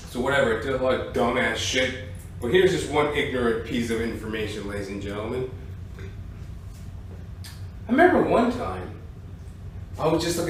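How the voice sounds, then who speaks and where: A man telling a rambling, profane comic story, recorded at a distance in an echoey room with faint noise. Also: medium pitch. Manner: profane, rambling, keeps saying "ladies and gentlemen". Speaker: comedian. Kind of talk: rambling stand-up rant.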